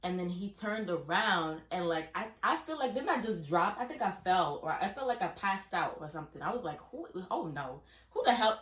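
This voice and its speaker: Animated woman in an echoey room. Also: on the low side, moderate pace, few pauses. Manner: animated, acts out her younger self in quoted questions. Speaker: vlogger telling a family story. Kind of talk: casual storytelling.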